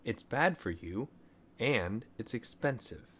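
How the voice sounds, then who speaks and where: A man voicing a patient but firm mother in a children's storybook, speaking calmly and plainly. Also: medium pitch, takes it slowly, a little hiss or hum. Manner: calm, firm and plainly spoken. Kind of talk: storybook reading.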